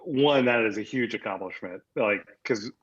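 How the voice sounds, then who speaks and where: A man's voice: on the low side, normal speed, fairly bright tone, slightly rough, dull audio. An American man, a guest, telling rambling stories in casual interview chat, with many fillers and self-corrections. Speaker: guest, agency founder.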